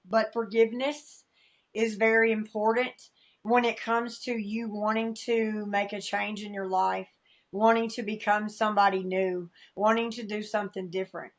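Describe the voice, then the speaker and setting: A woman's voice: medium pitch, little pitch movement, normal speed, lo-fi sound. A woman with a Southern US accent, a podcast guest sharing a personal testimony, candid and emotional, acting out the voices she quotes. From American South.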